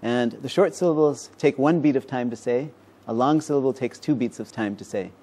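Fast-talking man explaining like a teacher. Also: mid-range voice, mellow. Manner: explanatory, teacherly, quick-paced. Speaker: mathematician and professor. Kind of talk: conversational interview.

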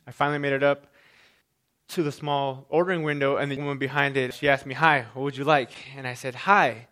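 A man in his twenties telling his own story in a speech, with a stutter that repeats sounds and words, and measured, deliberate pauses. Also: mid-range voice, little pitch movement, a bit bright. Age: 20s. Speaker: speaker sharing his story.

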